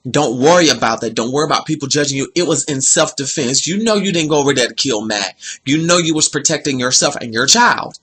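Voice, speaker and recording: A man's voice: medium pitch, expressive, fast, hardly any pauses, a bit bright, slightly rough. A man voicing an older grandmother who reassures her family and calls them honey. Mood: soothing. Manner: reassuring, calling people honey. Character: older grandmother, soothing church matriarch.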